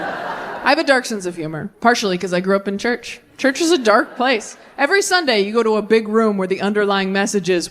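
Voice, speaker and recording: A woman in her thirties doing a stand-up comedy set on stage into a handheld mic, animated and jumping into mock voices for punchlines. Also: medium pitch, a little fast, slight background noise. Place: comedy stage with a live audience.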